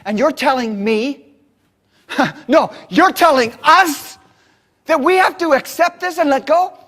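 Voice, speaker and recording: A man acting out an angry rural worker who shouts indignantly from the back of a room. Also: high-pitched, normal speed, lightly acted. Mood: furious. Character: furious middle-aged male rural worker shouting.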